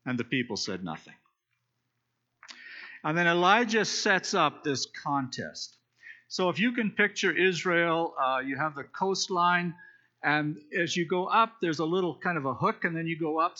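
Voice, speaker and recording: A man's voice: fairly high pitch, sharp tone. A man preaching in a casual, explanatory way, retelling a scripture story with fillers and restarts. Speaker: preacher teaching a Bible study. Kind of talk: conversational sermon, retelling scripture. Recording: dull lo-fi recording.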